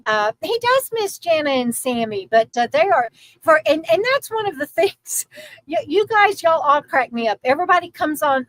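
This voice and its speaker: Poor audio with no room sound captures a middle-aged woman's high voice as she runs her livestream. Chatty and giggly, she reads out viewers' comments and switches to a gentle baby voice whenever she speaks to her dog.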